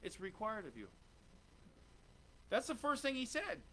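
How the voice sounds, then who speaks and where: A man's voice: high voice, huge pitch swings, measured pace, a bit bright. A man preaching a sermon to his congregation, fervent, questioning the listeners and waiting for their answers. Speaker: pastor. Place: church sanctuary.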